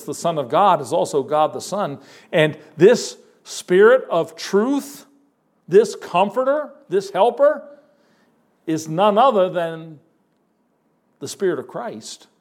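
A man preaching a sermon, emphatic and folksy, pausing and repeating words as he builds a point. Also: high-pitched, animated, a little mellow. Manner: folksy, addresses listeners as folks.

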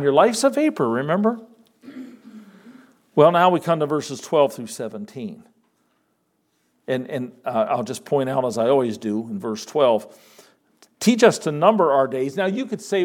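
A man preaching a sermon earnestly and urgently, swinging from loud rises to soft drops. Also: fairly high pitch, lively intonation, normal speed. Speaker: pastor.

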